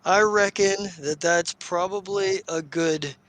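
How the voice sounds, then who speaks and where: Captain Worthy, a man voicing a calm smuggler captain. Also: high voice, takes it slowly, voice pushed up. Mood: matter-of-fact.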